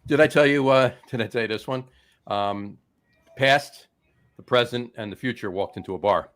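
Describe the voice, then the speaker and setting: A man's voice: mid-range voice, normal speed, fairly bright tone. A man hosting a beer podcast, chatting casually and telling jokes with lots of fillers and restarts. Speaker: podcast host.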